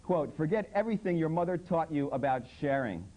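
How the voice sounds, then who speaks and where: A comedy host with a slightly high, expressive voice and brisk pace runs a satirical public access show, mocking commercials in a sarcastic, incredulous tone and quoting ads in mock voices. His voice is dark in tone, the audio is poor, and he's in a public access TV studio under hot lights.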